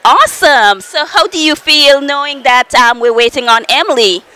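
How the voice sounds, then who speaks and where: A woman's voice: high-pitched, animated, moderate pace, pushed and bright, rough recording. A woman working as a TV interviewer on location at an airport, upbeat and friendly, laughing often. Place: airport arrivals area.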